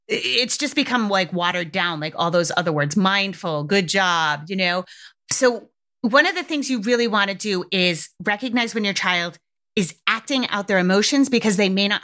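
A woman in her forties talks through parenting questions in a relaxed, candid way. Her voice sits at an ordinary middle pitch, and she laughs easily between points. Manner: conversational, candid, laughs often. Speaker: parenting podcast host. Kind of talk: casual advice talk.

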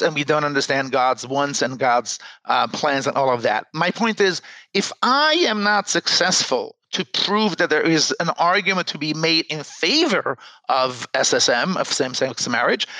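A man's voice: a little high, lively intonation, normal speed, bright, forceful tone, dry recording, low-quality recording. A man speaking as a rabbi in an earnest panel discussion, often repeating words as he starts a sentence. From United States.

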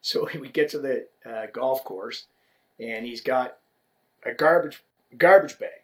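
A man's voice: medium pitch, unhurried, fairly bright tone, rough recording. A man who is a podcast guest, telling a story animatedly and acting out quoted dialogue. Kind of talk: casual storytelling chat.

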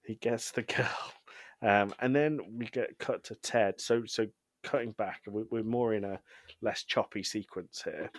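A man co-hosting a podcast, casually recapping a TV episode with frequent ums and quick laughs. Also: on the low side, no room sound. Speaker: podcast co-host.

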